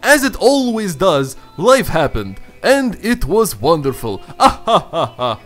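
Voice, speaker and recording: A grand old vampire count tells a story in a mock Russian accent, as a man puts him on. He draws out his words theatrically. The pitch rises and falls in a lively way. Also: unhurried, soft background music, full character voice.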